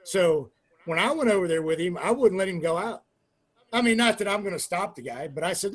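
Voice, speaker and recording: A man's voice: high voice, fast talker, slightly rough. A middle-aged man who used to wrestle, telling swearing-heavy locker-room stories in a casual interview. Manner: profane, animated storyteller, acts out quotes; trailing fillers and restarts. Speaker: interview guest, former pro wrestler. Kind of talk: casual storytelling.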